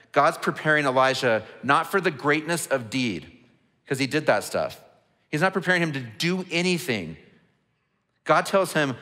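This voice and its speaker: A man's voice: mid-range voice, bright, forceful tone. A man preaching a sermon as a pastor, earnest and conversational, often restarting his words. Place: large church auditorium. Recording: long reverb of a large hall.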